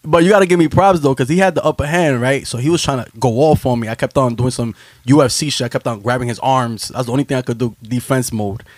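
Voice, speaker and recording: A man telling a funny story in casual chat, laughing and swearing, jumping into high voices when he quotes people. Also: fast, dry recording. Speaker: podcast host telling a story.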